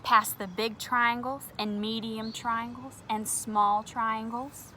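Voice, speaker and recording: A woman reading a picture book aloud to children at home, gentle and expressive, talking straight to her young viewers. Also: fairly high pitch, slow pace, background noise.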